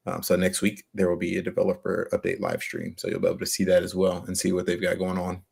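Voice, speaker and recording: A man's voice: sits low, quick pace, creaky, darkish tone, breathy edge. A man co-hosting a podcast, talking in a laid-back casual way with lots of fillers. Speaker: podcast co-host.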